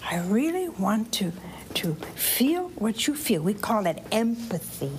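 A woman preacher with a mid-range voice tells a Bible story in church at a measured pace, against slight background noise. Her storytelling sermon for children and families is animated; she asks the listeners questions and acts out the voices.

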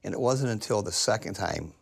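An older man, a guest in an interview, speaking haltingly and repeating words as he searches for what to say. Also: lowish voice, expressive, creaky, breathy edge. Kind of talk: casual conversation.

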